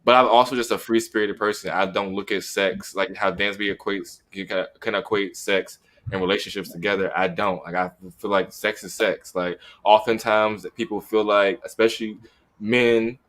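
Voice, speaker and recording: A man's voice: on the low side, moderate pace. Candid man in casual podcast chat. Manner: animated, acts out what he would say. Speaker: podcast co-host.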